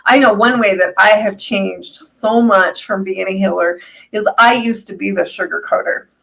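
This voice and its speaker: A woman speaks in a casual, chatty way as a healer on a live stream. She tells stories, laughs often and acts out the people in them with quick quoted lines. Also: mid-range voice, gravelly, a bit bright, poor audio. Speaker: healer, co-host.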